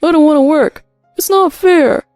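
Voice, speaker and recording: A woman voicing a whiny grown husband who pleads and complains in a high, strained voice. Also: steady tone, moderate pace, darkish tone, no room sound, studio quality, faint music behind, close to an everyday voice. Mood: whiny pleading. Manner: whining, pleading, high-strung.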